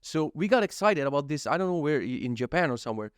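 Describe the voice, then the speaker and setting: A man's voice: on the high side, fast, smooth, dry recording, clean studio sound. A man in his thirties casually telling a story about his day, swearing freely and acting out his own thoughts and what others said. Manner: animated, profane, acts out his own thoughts and quotes. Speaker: vlogger.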